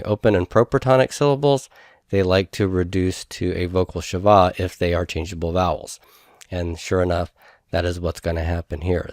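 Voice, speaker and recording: A middle-aged man with a drawl gives a grammar lecture, breaking words into syllables and spelling out each rule with patience. His voice sits on the low side and is recorded close up in a dry, deadened space. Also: no echo. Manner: patient, explanatory, sounds out syllables slowly. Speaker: Hebrew grammar teacher.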